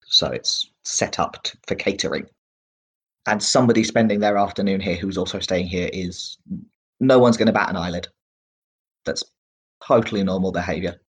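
A man narrating as game master in a relaxed, rambling way with many fillers. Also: lowish voice, slightly rough.

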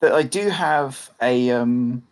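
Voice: medium pitch, takes it slowly, a little mellow. A player in a tabletop game making wry, joking remarks. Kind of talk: casual tabletop game play.

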